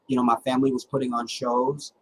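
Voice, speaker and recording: A middle-aged man hosting a livestream, telling personal stories in a dramatic, animated way with halting restarts. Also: mid-range voice, slightly rough, rough recording. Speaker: livestream host. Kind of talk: casual personal storytelling.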